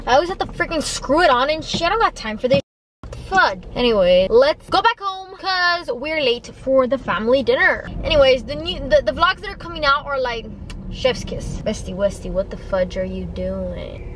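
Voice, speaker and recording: An eighteen-year-old woman talks to her handheld camera in a high, bright voice, chatty and slangy, swearing freely. The sound is echoey, with steady background noise behind her. She talks loose and unscripted, the way a young vlogger does. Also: brisk. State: tired. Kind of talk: casual vlog chat. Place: new apartment, car and stores.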